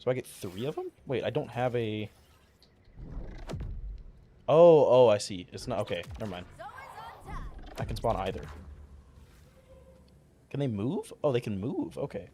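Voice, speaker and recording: There's slight background noise as a man streams a video game, his mid-range voice warm and sing-song at a moderate pace with many pauses. He mumbles and rambles casually, swearing a lot, using fillers, and cracking his voice now and then.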